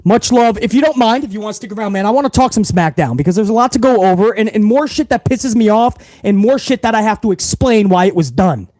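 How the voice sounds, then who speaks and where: A man's voice: high voice, expressive, fast, hardly any pauses, mellow, no room sound. A man hosting a wrestling livestream, talking casually and profanely straight to his viewers.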